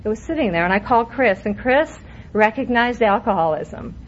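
A woman's voice: on the high side, animated, moderate pace. A middle-aged woman sharing her recovery story at a meeting, candid and wry, breaking into laughter as she tells it. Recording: muffled lo-fi recording with faint hiss.

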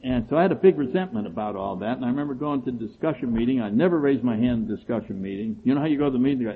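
A middle-aged man telling his own story to a recovery group, animated and quick to act out other people's replies. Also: mid-range voice. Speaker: speaker sharing his story at a recovery meeting. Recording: tinny phone-like recording with faint background hiss.

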